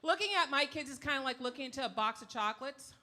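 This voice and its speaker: A woman's voice: high voice, fast, bright, forceful tone, a little hiss or hum. A middle-aged woman from Yakima, Washington, doing a brash, salty stand-up set on a live stage. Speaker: stand-up comedian. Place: live comedy stage before an audience.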